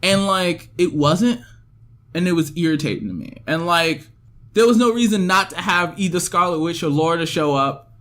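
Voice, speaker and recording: Ranting man, fairly high voice. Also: expressive, moderate pace, fairly bright tone. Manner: ranting, many fillers. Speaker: podcast co-host. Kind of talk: casual podcast chat.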